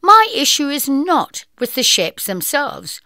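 A woman reading a first-person food column aloud in a lively, unhurried way. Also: high-pitched, no room sound, clean studio sound. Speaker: reader of magazine columns.

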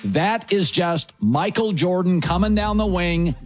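A man's voice: high voice, animated, unhurried, faint music behind. A man hosting a sports talk show, giving blunt, emphatic opinions in punchy phrases.

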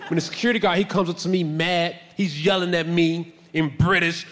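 High lively guy doing standup, yells the punchlines then mutters, echoey club sound, faint hum. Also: fairly quick. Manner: animated, shouty punchlines, then low asides. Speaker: stand-up comedian. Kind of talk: stand-up set. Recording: live club recording with long reverb.

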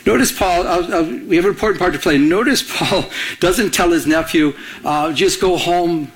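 A man delivering a sermon in a fairly high voice. He talks conversationally and pauses for the congregation to call out the missing word of a verse. In his stories he acts out each character with a raised voice. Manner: conversational preaching with call-and-response questions. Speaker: pastor.

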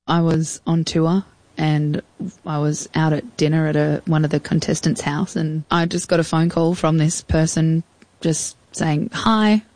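An Australian woman in her thirties, a guest in an interview, tells a personal story candidly and chattily, acting out old phone calls. Her voice sits low and dark, level in tone and measured in pace, with no echo.

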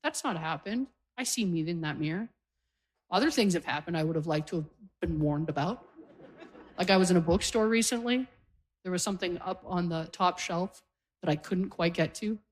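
Her voice fairly low and her pace moderate, a middle-aged comic tells family stories in a stand-up set. She voices each family member in quotes, and audience laughter can be heard.

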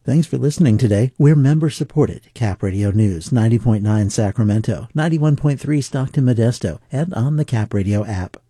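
Man, station ID, husky voice, very dark tone. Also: mid-range voice, expressive, a little fast, few pauses, no room sound, studio quality. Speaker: station announcer. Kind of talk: station identification.

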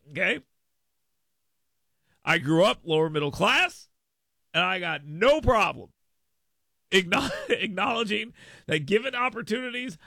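A man's voice: high-pitched, vocal fry, sharp tone, no room sound, studio quality. A man hosting a radio talk show, riffing emphatically with listeners in a casual monologue.

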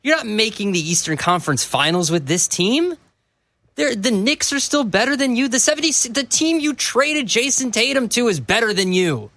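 A man's voice: very high voice, very animated, normal speed, pushed and bright, no echo. A man co-hosting a sports talk radio show, arguing his points emphatically. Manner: emphatic, argumentative.

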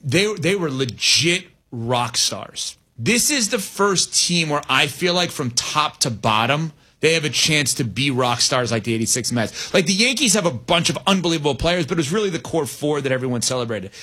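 A man's voice: on the high side, animated, moderate pace, hardly any pauses, pushed and bright, breathy edge. A man in his forties co-hosting a casual sports chat and talking as a lifelong fan.

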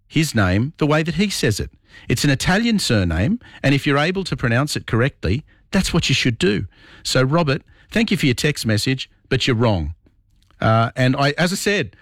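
A man's voice: medium pitch, a bit bright, no room sound. A man with an Australian accent hosting talkback radio from a studio, blunt and opinionated, firmly correcting listeners. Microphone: broadcast studio mic.

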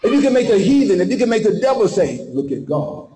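A male preacher delivering a sermon with passion, dramatic pauses and acted-out voices. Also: sits high, roomy sound, background noise.

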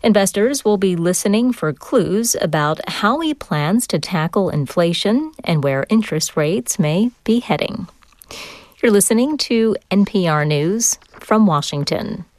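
A woman newscaster reading the headlines in a measured, crisp way. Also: medium pitch, lively intonation, darkish tone, no room sound.

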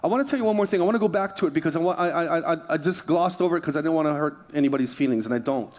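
A man's voice: fairly high pitch, racing, darkish tone. A male pastor preaching a sermon in a church, telling stories in a conversational, joking way. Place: church sanctuary.

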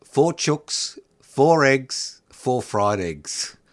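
A man's voice: mid-range voice, very animated, very slow, no echo. A man hosting casual talk radio, jokey and teasing, drawing out words for emphasis. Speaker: radio host.

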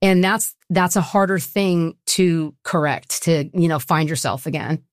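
A woman's voice: deep voice, steady tone, unhurried, no echo, studio quality. A middle-aged woman, a guest on a talk show, telling her own story in an earnest, personal and sometimes emotional way. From Southwest Florida. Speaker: guest, nonprofit co-founder. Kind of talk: casual interview conversation.

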